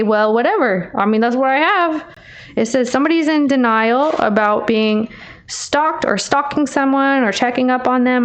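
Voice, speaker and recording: A woman giving a casual tarot reading, chatty and teasing, calling the listener babe. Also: a little high. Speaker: tarot reader.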